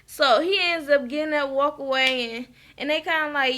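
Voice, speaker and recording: A woman's voice: high voice, moderate pace, hardly any pauses, sharp tone, a little hiss or hum. A woman giving a frank, chatty recap of a TV episode and often asking "okay?". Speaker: reality TV recap vlogger.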